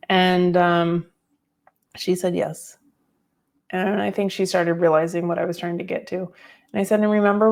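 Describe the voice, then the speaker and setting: A middle-aged woman hosting a podcast, telling a personal story in a reflective, unhurried way with many fillers. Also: lowish voice, a little mellow. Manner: reflective, tearful at times, with fillers. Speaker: podcast host.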